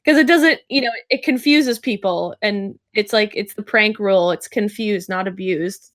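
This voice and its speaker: A woman's voice: mid-range voice, moderate pace. A young adult woman, a voice actress, chatting casually and bubbly in an interview, with lots of fillers and laughter.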